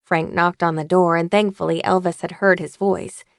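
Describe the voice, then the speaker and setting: A woman reads an audiobook with a lowish voice and a gravelly, fry-tinged texture. Her delivery is measured and even. The sound is dry and close, with no room around it. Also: no echo. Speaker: audiobook narrator. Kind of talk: scripted audiobook narration.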